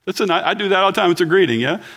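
A man's voice: high-pitched, animated, rapid-fire, fairly bright tone. A man in his sixties preaching a sermon in a church, chatting and joking with the congregation. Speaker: pastor.

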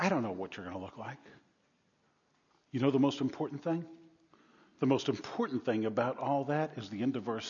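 A man's voice: medium pitch, slightly rough. Male pastor preaching in a reverberant church. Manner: swings from hushed to loud and emphatic, with humor. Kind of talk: sermon. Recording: long reverb, dull lo-fi sound.

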